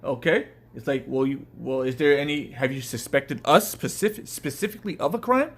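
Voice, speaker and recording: A man's voice: mid-range voice, lively intonation, a little fast. A man talking casually and reading scripture verses aloud with rising emphasis. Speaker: scripture reader.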